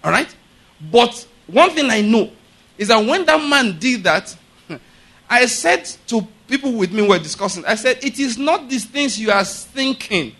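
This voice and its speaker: A male pastor preaching a sermon, emphatic and repeatedly asking the congregation if they follow him, building to loud, forceful declarations. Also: very high voice, animated, a little slow.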